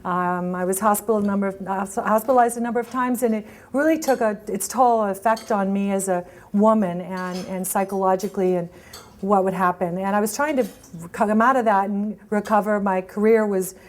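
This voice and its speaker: Middle-aged woman, personal storytelling talk, animated, restarts often, voices her quotes higher. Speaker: speaker at a networking event.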